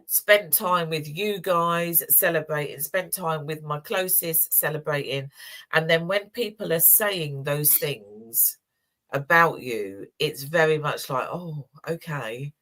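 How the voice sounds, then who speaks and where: A woman co-hosts a weekly community show. Her voice sits low and she tells personal stories warmly, often close to tears or laughing. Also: takes it slowly. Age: 60s. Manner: warm, emotional storytelling with laughs. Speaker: co-host. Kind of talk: casual chat.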